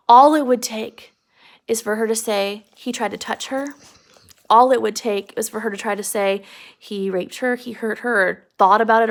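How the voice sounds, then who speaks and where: A woman's voice: a little high, gravelly. A woman teacher giving a casual, earnest recap of a novel chapter, emphatic and sprinkled with fillers. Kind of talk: casual literature lesson recap.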